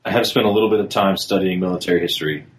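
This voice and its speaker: A man's voice: deep voice, very fast, slight background noise. A man in casual podcast chat, answering quiz questions in a confident, knowledgeable way. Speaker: podcast co-host, quiz contestant.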